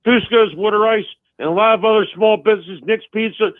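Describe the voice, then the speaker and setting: This sports show caller from Delaware goes on a fan rant, fired up and emphatic, repeating his points. He speaks fairly quickly in a high-pitched voice, with no echo, over a tinny phone connection.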